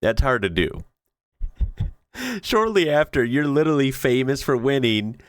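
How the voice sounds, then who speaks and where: A man hosting a casual reaction video, excitable and slangy, laughing often as he comments on clips. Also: mid-range voice, measured pace, no room sound, clean studio sound.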